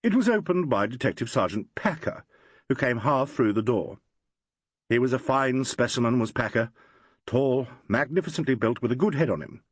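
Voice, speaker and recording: Male audiobook narrator, lively intonation, very dry close sound, measured delivery. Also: mid-range voice, slightly rough, no echo. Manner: measured, expressive storytelling. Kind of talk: scripted narration.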